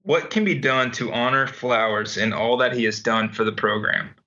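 A man's voice: mid-range voice, normal speed, sharp tone. A young man co-hosting a sports podcast, leading segments in joking casual chat. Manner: leads segments, joking, many ums. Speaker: podcast co-host. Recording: dull lo-fi home recording over call.

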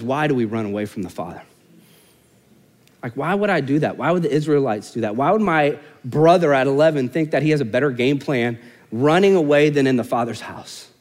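A young man preaching a sermon, telling stories with humor and acting out voices. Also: a little high. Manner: animated storytelling, mimics voices, self-mocking humor. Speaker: pastor.

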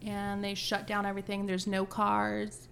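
A woman's voice: mid-range voice, monotone, moderate pace, gravelly, a little hiss or hum. A woman co-hosting a podcast, animatedly retelling a book chapter in casual chat, swearing freely. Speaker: podcast co-host.

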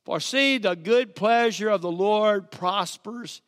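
A man preaching a sermon, calling for amens and dropping from loud to hushed. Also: sits high, takes it slowly, smooth. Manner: preaching with call-and-response, dramatic swings from loud to hushed. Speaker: pastor. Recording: long reverb of a church hall.

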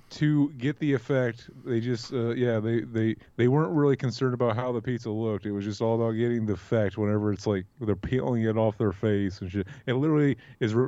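A man with a low, mellow voice co-hosts a casual film podcast and swears freely. His mic sounds dull and lo-fi. The room sounds dry, with no echo. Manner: crude, profane. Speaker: podcast co-host. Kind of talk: casual film-review chat.

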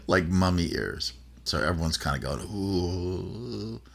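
Casting note: middle-aged man, very deep, slow, husky, halting fireside storytelling. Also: a bit bright. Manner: rambling, halting, many fillers and restarts. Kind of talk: personal storytelling.

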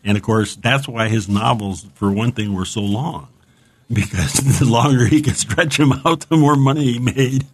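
A man's voice: mid-range voice, moderate pace. A man hosting a casual book chat, enthusiastic and rambling, who stops now and then to read passages aloud. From United States. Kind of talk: casual chat about books.

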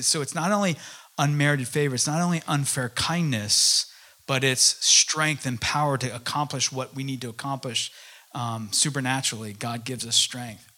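A middle-aged man preaching, telling personal stories with halting restarts and asides. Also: medium pitch, sharp tone. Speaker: pastor. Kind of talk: sermon.

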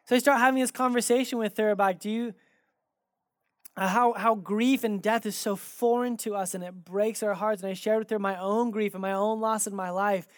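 Male pastor, conversational sermon delivery, animated anecdotes, dry close recording. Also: high-pitched, normal speed, no echo. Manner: animated, acts out quoted dialogue in his stories.

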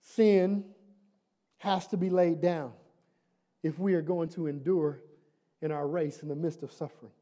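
A man's voice: fairly high pitch, fairly even intonation, a little slow, pauses often, dark tone. A man preaching a sermon as pastor, conversational and humorous, asking the congregation questions and building to emphatic repeated lines.

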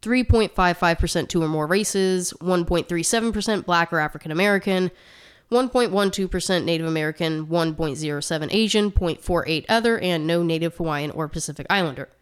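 Brisk with few pauses, a podcast co-host reads out statistics and adds asides during casual chat, sounding a bit short of breath. Her voice is lowish with a clean tone.

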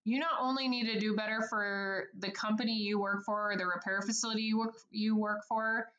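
A woman's voice: mid-range voice, fairly even intonation, brisk, a bit bright, lo-fi sound. A bubbly woman answers interview questions about her work as a service advisor, laughing often between her points. Her voice sits in the middle of a woman's range. The room around her sounds roomy and echoey. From United States. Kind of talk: podcast interview.

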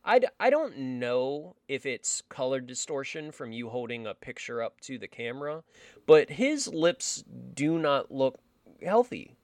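Animated, profane young man on a podcast. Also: medium pitch, unhurried, dry recording, clean studio sound. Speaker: podcast co-host. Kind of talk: casual podcast chat.

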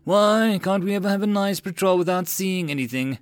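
A man's voice: high voice, fairly quick, smooth, no room sound, voice pushed up, close to an everyday voice. Man doing a mopey sighing blue dragon. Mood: weary. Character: lazy lovesick male blue dragon.

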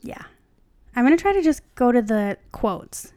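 Woman, smooth voice, a little high, chatty podcast host, reads aloud with jokey asides. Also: very animated, normal speed, warm tone, no echo, clean studio sound. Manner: chatty, joking, stops to comment. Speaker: podcast co-host reading fan fiction. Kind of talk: casual chat and reading aloud.

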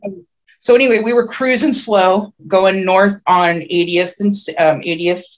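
A woman sits in as a podcast guest and tells a long personal story. She wanders through details, restarts her sentences and fills gaps with "um" and "like". Her voice climbs and speeds up when the story gets tense. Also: a little slow. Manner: rambling, vivid storytelling with many restarts and fillers; grows excited and high-pitched when telling the tense parts. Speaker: podcast guest, self-described oracle.

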